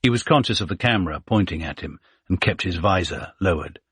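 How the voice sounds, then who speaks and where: A man narrating a thriller audiobook in a measured, even storytelling manner. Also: sits low, slightly rough, no room sound, studio quality.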